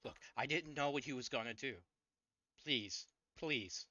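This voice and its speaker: A panicky, starving man, voiced by a man begs in a bright, tense voice. The recording is dry and a little dull. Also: medium pitch, unhurried, dry recording, pitched above the performer's own voice. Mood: pleading. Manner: pleading, panicky. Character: frightened, desperate starving man in an alley.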